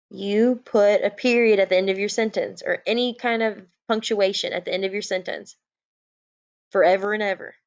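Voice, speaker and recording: A woman teaching a recorded class lesson, playful and full of little jokes as she walks through a sentence. Her voice sits at an ordinary pitch, and the recording comes through a bit muffled from a computer mic. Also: darkish tone. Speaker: elementary school teacher.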